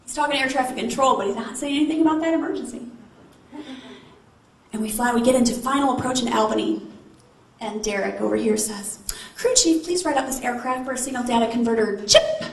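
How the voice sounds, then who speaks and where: A woman motivational speaker telling a story to a live audience on a stage mic, animated and asking the crowd questions. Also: fairly high pitch, a little fast. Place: large event hall. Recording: echoey hall with faint noise. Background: audience responses.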